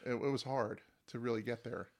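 A man's voice: medium pitch, fairly even intonation, brisk, a little mellow. A man in his fifties hosting a music podcast, upbeat and chatty, laughing easily. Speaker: podcast host. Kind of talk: casual chat.

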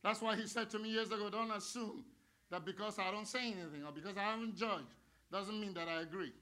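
A middle-aged male pastor preaching a sermon, swinging between hushed, slow talk and loud shouted praise. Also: sits high, slight background noise. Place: church sanctuary. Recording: live church sound with music and crowd. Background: music and congregation.

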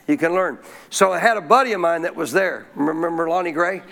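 High gravelly folksy preacher man. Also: a little fast. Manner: folksy, animated, clears throat often. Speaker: pastor. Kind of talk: storytelling sermon.

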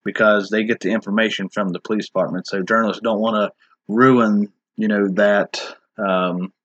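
A man's voice: on the low side, steady tone, moderate pace, a bit bright, dry recording, highs cut off. A man in a casual discussion, talking in a rambling, hesitant way with many restarts and filler words.

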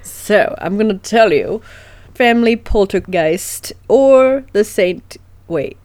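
A woman's voice: medium pitch, lively intonation, slow, a little mellow, no room sound. Laughing, swearing woman podcast host. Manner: laughs often, swears casually. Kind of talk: casual chat and storytelling.

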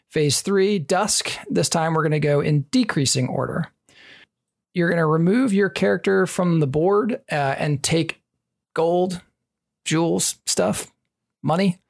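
Brief: gravelly-voiced player who walks through game rules step by step, um-ing along the way. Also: medium pitch. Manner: explains step by step with frequent fillers. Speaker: rules explainer. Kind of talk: casual rules explanation.

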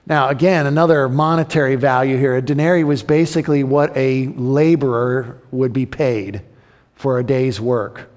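A man preaching a sermon, animated and acting out the voices of the story's characters. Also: mid-range voice, moderate pace, big-room sound. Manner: animated, acts out the crowd and king in raised voices. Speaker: pastor.

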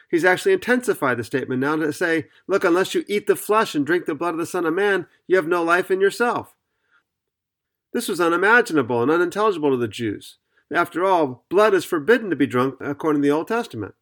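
A man teaching on a podcast Bible study, reading scripture aloud and explaining it in an earnest, methodical way. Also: a little high.

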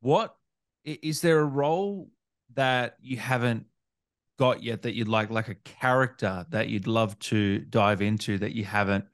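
A man's voice: fairly low pitch, a little slow, dry recording, clean studio sound. A man hosting a casual interview, asking rambling questions and reacting with short interjections. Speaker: interview host.

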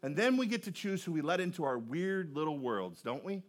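A pastor preaching a sermon in a relaxed, joking, conversational way, often repeating words as he starts a sentence. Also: a little high, fairly quick. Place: church auditorium.

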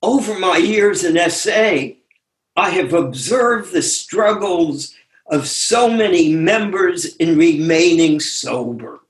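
An older man reads his own essay aloud at an unhurried, deliberate pace, pausing between phrases. His voice sits a little high for a man. The sound comes over a video call and carries a roomy echo. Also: animated. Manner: slow, deliberate reading with pauses.

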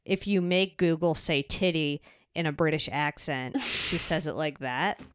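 A woman co-hosting a podcast, talking loudly and joking in casual chat with a friend. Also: low-pitched, unhurried, dry recording, studio quality. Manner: loud, joking, teasing. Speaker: podcast co-host.

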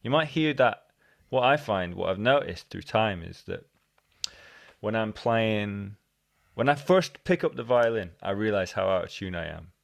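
A man's voice: lowish voice, expressive, measured pace, vocal fry, dry recording. A man hosting a podcast, talking casually in rambling, self-correcting sentences, often quoting himself. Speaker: podcast host. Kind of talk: casual conversation.

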